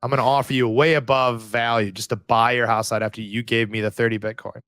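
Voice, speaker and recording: A man co-hosting a podcast, chatting casually and telling stories in an animated way, swearing freely. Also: mid-range voice, quick pace, smooth, no room sound, clean studio sound. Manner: profane, animated storytelling. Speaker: podcast co-host. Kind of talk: casual chat.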